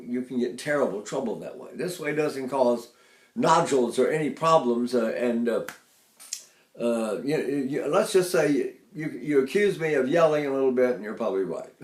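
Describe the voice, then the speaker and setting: A man's voice: medium pitch, echoey room. An older man teaching a voice lesson, who explains technique and breaks into sung phrases and sighs. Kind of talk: singing lesson with sung demonstrations.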